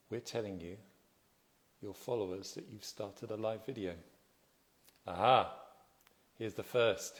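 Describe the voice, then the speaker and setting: A man hosting a casual phone livestream from home. He chats in a relaxed, soft-spoken, self-deprecating way, greeting viewers and reading out their comments. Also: lowish voice. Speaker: livestream host.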